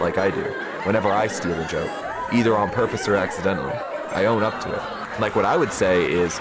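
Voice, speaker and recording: A young man casually commenting while streaming a game, jokey and excitable, breaking into shrieks and laughs. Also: lowish voice, fast talker, over a noisy crowd, very noisy. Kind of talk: casual gaming livestream commentary.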